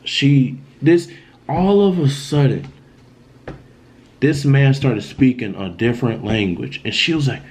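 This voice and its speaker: A man's voice: mid-range voice, a little slow, a little mellow. A man telling a dramatic story in a casual storytime vlog, in loose slang, often repeating himself. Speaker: vlogger.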